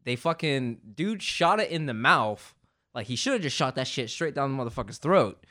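A man co-hosting a casual podcast, telling stories in an animated, profane way. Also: medium pitch, normal speed. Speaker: podcast co-host.

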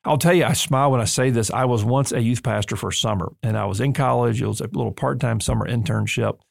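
Fast-talking gravelly male podcast host. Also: medium pitch, dry recording, clean studio sound. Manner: emphatic, earnest, lightly humorous. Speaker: podcast host and seminary leader. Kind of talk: conversational podcast discussion. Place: studio.

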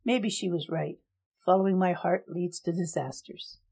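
A woman voicing a cold young male emperor who speaks in measured, formal decrees in a storybook reading. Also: lowish voice, warm tone, husky.

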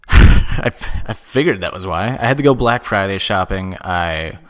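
A man's voice: sits low, animated, measured pace. A man hosting a wrestling podcast, chatting casually with his co-host, joking and laughing loosely.

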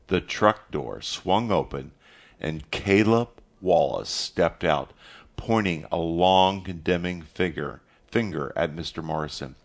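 Slow, very deep male narrator. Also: vocal fry. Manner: measured, steady storytelling. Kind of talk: audiobook narration.

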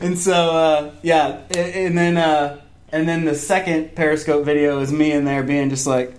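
A young man tells a story with rising excitement, his voice sitting a little high. He slips into higher-pitched quotes of himself and others, laughing through the tale. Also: moderate pace. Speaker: fan event organizer. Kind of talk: casual podcast chat.

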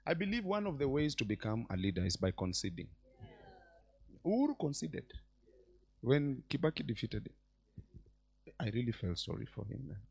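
A man preaching a sermon in church as bishop, swinging between loud exclamations and quiet asides. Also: mid-range voice, normal speed, gravelly, long pauses, slightly rough. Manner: animated preacher, mixes shouts with quiet asides.

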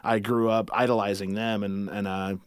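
A man's voice: fairly low pitch, level tone, normal speed, clear, resonant tone, no echo, clean studio sound. A man chatting casually as a podcast guest, loose and joking, laughing often and slipping into impression voices.

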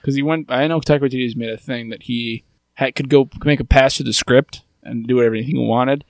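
A man co-hosting a podcast in casual chat, relaxed and wry as he trades jokes. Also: mid-range voice, a little fast, no room sound. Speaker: podcast co-host.

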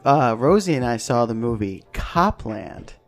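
A man hosting a casual podcast, his speech loose and meandering, swearing freely and breaking into laughs. His pitch sits in an ordinary middle range. Faint music hums underneath. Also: big pitch swings, unhurried. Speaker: podcast host. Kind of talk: casual chat.

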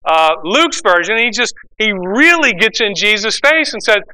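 A pastor preaching a sermon, explaining scripture and acting out the voices of the people in it. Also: male voice, high-pitched, normal speed, clear, resonant tone, low-quality recording. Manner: animated preaching, acts out quoted voices.

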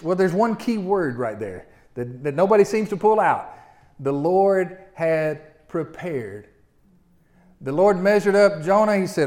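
A middle-aged man preaching a sermon. He speaks in a folksy, animated way and often turns to address the listeners directly. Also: sits high, measured pace.

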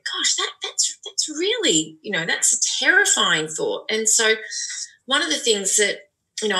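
Bright-voiced woman explaining gently. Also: medium pitch, low-quality recording. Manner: thoughtful, explanatory, many restarts. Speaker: parenting expert guest. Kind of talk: podcast conversation.

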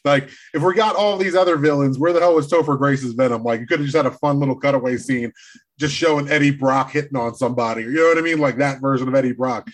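A man co-hosting a casual movie discussion, excitable and animated, swearing freely as he talks. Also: mid-range voice, fast talker. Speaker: podcast co-host.

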